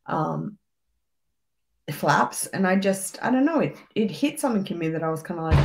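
A woman chatting casually as a guest on a livestream over a video call, animated and laughing. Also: on the low side, moderate pace, vocal fry, background noise.

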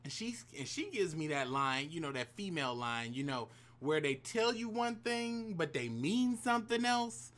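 A man spinning a casual storytime to his viewers, his voice bouncing all over the place. His tone is bright and sharp, sitting a little high for a man. He talks in slang and curses freely, throwing in hype-man asides to the audience. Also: big pitch swings, moderate pace, few pauses. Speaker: YouTube storyteller.

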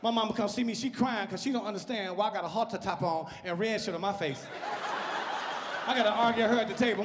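A male stand-up comedian performing live on a club stage, animated and loud, often laughing at his own jokes. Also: high voice, fast. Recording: echoey live club with crowd noise.

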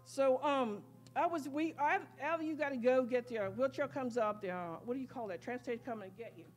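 High-voiced woman testifying over church music. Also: fairly quick. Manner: rambling, excited storytelling with quoted dialogue. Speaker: church member giving testimony. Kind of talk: spoken testimony at a worship service. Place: church sanctuary.

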